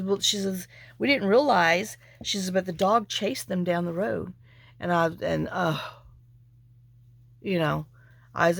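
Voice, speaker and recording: A woman with a lowish, gravelly voice tells a long story in an easy, rambling way, sometimes sinking into near-whispers. The recording is close and dry, with no room sound around her. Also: dry recording. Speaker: craft vlogger. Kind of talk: casual storytelling chat.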